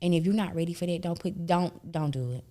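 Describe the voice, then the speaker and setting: A woman in her thirties hosting a casual chat, blunt and animated, full of slang and laughter. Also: on the low side, fairly quick. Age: 30s. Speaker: podcast host.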